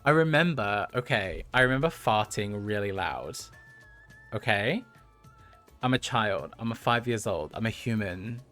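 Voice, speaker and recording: A man's voice: lowish voice, lively intonation, measured pace, fairly bright tone. Guy in his 30s rambling through a story for chat, giggly, faint music behind. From United Kingdom. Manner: chatty, laughs often, talks to chat. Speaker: livestream host. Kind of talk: casual storytelling to live chat.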